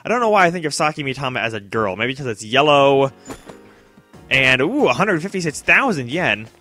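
Lively, bright-voiced young man narrating gameplay. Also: mid-range voice, a little fast, faint music behind. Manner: chatty, self-mocking, talks to game characters. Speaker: let's play commentator. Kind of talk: casual gameplay commentary.

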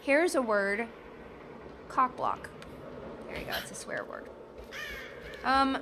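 A woman's voice: a little high, slow, a bit bright, a little hiss or hum. A woman from the southern United States giving chatty, jokey commentary while playing a video game. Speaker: gaming streamer. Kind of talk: casual gameplay commentary.

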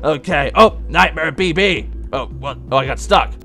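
A man's voice: fairly high pitch, moderate pace, vocal fry, faint music behind. A man voicing a brash male animatronic pirate fox, playing a game in pirate talk and losing his temper. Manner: pirate talk, hot-tempered, loud outbursts. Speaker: let's play gamer in character.

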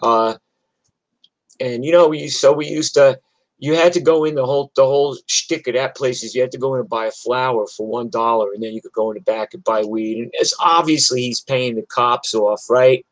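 A man's voice: mid-range voice, moderate pace, no echo, low-quality recording. Older new york guy telling stories live, rambly and swearing a lot. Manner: rambling, profane, chatty with restarts. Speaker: musician telling stories on a livestream. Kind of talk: casual storytelling.

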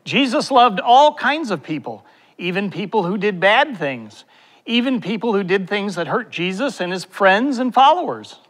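Guy doing a high swoopy puppet buddy, upbeat and reassuring, big reverb. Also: sing-song, normal speed, fairly bright tone, exaggerated voice. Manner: bouncy, reassuring, teacherly. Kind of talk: kids' puppet skit. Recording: long hall reverb.

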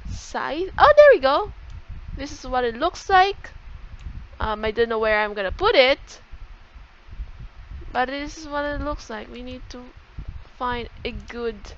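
A young woman with a high voice talks casually through a game tour, chatty and excitable, often breaking off to correct herself. The recording is dull and lo-fi, like a cheap home mic. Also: unhurried, pauses often. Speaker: gaming YouTuber.

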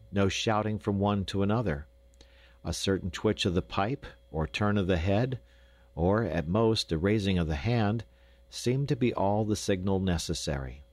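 Male audiobook narrator, low voice, measured storytelling, dry close recording. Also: dry recording. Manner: measured, lightly expressive storytelling.

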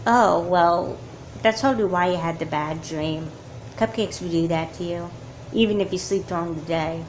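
A woman's voice: fairly low pitch, normal speed, a little hiss or hum, close to an everyday voice, rough recording. A woman voicing a caring girl who reassures her sister in a soothing way. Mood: concerned.

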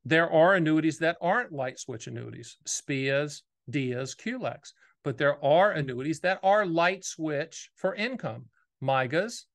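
A man, hosting a casual video monologue about annuities, talking fast in a folksy, emphatic way. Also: medium pitch, a bit bright. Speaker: annuity agent and show host.

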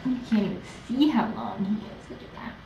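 A woman caring for rescue kittens, cooing to them in soft sing-song baby talk. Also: a little high, a little fast, gravelly. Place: indoor kitten room. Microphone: room camera mic from a distance. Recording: distant echoey livestream cam audio, dull and noisy.

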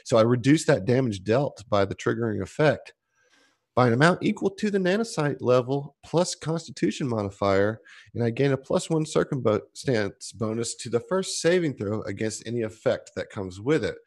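A man's voice: mid-range voice, expressive, normal speed. A man playing a tabletop game, explaining his abilities in detail and reacting with amused remarks. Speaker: player.

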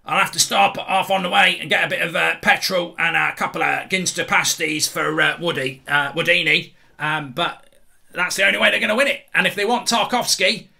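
A man's voice: sits high, steady tone, a little fast, gravelly, bright, forceful tone, heavily acted. A man doing a boastful old Burnley fan. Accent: Lancashire. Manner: rambling, stammering, cheeky bravado. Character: boastful older male Burnley football fan.

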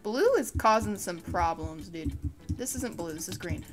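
A young woman giving casual commentary over a game, frustrated and swearing, with sudden shouted outbursts. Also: lowish voice, animated, measured pace. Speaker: gaming YouTuber. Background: faint background music.

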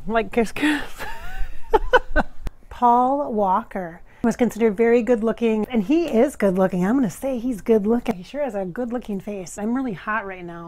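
A woman's voice: on the high side, moderate pace, a little mellow, a little hiss or hum. A middle-aged woman, a psychic vlogger, gushing and giggling as she talks to the camera with lots of fillers. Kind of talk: gushing casual talk to camera.

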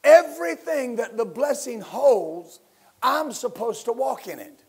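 A man preaching a sermon as pastor, building to loud emphatic bursts and leading his listeners in call-and-response. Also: very high voice, lively intonation, measured pace, creaky, slightly rough.

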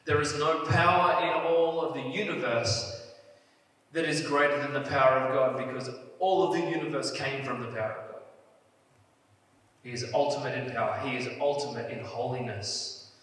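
A man's voice: medium pitch, steady tone, moderate pace, fairly bright tone. Man preaching in an echoey hall. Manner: earnest, builds emphasis on key phrases. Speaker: pastor. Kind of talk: sermon. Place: church hall. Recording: echoey church hall, mic at a distance.

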